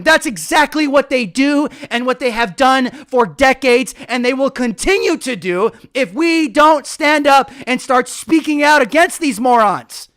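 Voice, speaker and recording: Man, very high voice, sharp and forceful, fiery emphatic rant, commentary host. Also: measured pace, few pauses. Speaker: political commentator, show host. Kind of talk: live political commentary monologue.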